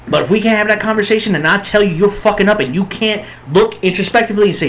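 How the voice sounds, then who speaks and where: A man's voice: sits high, fast, few pauses, fairly bright tone, a little hiss or hum, rough recording. A man co-hosting a podcast, talking bluntly in casual chat and swearing a lot for emphasis. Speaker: podcast co-host.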